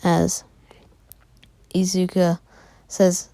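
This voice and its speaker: A woman narrating an improvised fan story in a halting way, with many fillers and pauses. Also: lowish voice, steady tone, vocal fry, warm tone, dry recording.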